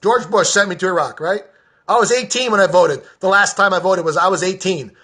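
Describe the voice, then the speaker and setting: A man's voice: high-pitched, brisk, pushed and bright. A young adult man giving an impassioned, profane political rant, repeating himself for emphasis. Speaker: political vlogger. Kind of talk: impassioned ranting monologue.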